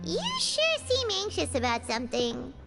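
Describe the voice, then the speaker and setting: Tiny chirpy game sidekick, very high voice, wildly swooping, game music loud behind. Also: female voice, wildly swooping pitch, moderate pace, gravelly, full character voice. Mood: curious. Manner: curious, blunt, bouncy. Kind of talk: game voice acting.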